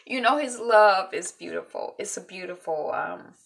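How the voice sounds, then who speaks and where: A woman's voice: mid-range voice, lively intonation, moderate pace, vocal fry, fairly bright tone. A woman recapping a TV episode in a chatty, emotional way, retelling scenes with quoted lines. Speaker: TV recap vlogger.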